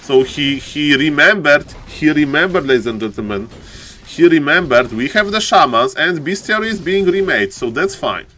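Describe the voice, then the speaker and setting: Guy casting a strategy game live, hyped, keeps saying ladies and gentlemen, bit high voiced. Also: normal speed, a little hiss or hum. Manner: excitable, repeats phrases, often says "ladies and gentlemen". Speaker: esports caster.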